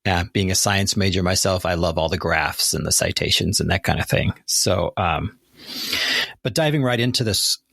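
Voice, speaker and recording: Low husky guy hosting a teaching podcast, dry sound, chatty and earnest. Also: moderate pace, fairly bright tone, no echo. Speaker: podcast host. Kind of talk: interview podcast.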